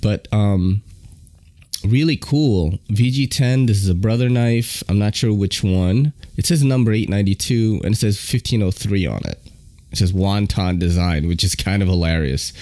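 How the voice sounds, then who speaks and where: Easygoing low-voiced man, podcast host. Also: moderate pace, warm tone, no echo, studio quality. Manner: laid-back and enthusiastic, says "man" and "you know" often. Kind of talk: casual chat.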